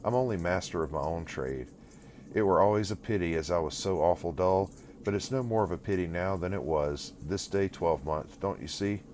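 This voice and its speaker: A man's voice: sits low, darkish tone, slight background noise, lightly acted. A man voicing a simple, kindly village blacksmith who speaks humbly in country dialect. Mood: humble. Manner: humble, slow dialect speech.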